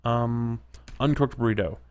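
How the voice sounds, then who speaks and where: Male let's-play host, mid-pitched, chatty game commentary with quick reactions and the odd whisper. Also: a little mellow, clear, resonant tone. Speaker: gaming commentator.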